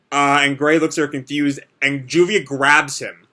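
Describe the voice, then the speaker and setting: A man's voice: a little high, steady tone, normal speed, pushed and bright. A young man hosting a live manga reaction, reading and commenting in a casual, rambling way. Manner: casual, rambling, many fillers.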